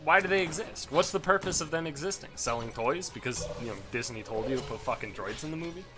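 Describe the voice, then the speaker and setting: A man's voice: on the high side, animated, fast, over music. A young man ranting casually about films while commenting on a game, with lots of swearing and restarts. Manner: ranting, profane, self-interrupting. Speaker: let's play host.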